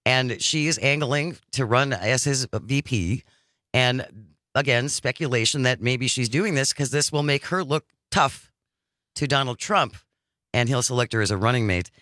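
A man's voice: medium pitch, moderate pace, no echo, studio quality. A man co-hosting a casual radio talk show, reading out news items and chatting with his co-host. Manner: animated, reads news items aloud.

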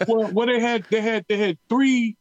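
A man's voice: very high voice, normal speed, no room sound, lo-fi sound. A middle-aged man from Detroit, a retired pro football player, telling stories in a casual interview with slangy talk and many repeated words. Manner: animated storyteller, drawls and repeats words, slangy.

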